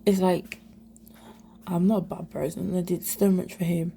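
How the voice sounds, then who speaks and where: A young woman speaks in a low, flat, gravelly voice, sharing her experience of abuse. Her speech halts and repeats, and it often falls to an unvoiced whisper. Faint room ambience sits underneath. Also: slight background noise. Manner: halting, repeats herself, many fillers. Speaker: survivor sharing her story. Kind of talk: emotional personal testimony.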